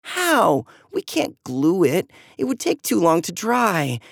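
The storybook narrator voicing an anxious, earnest young girl, high and pleading. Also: huge pitch swings, takes it slowly, vocal fry, no room sound, clean studio sound, full character voice.

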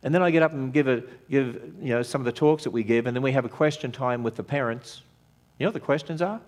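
A man's voice: medium pitch, fast. A man giving an emphatic sermon-style talk as a ministry speaker, asking rhetorical questions of his audience.

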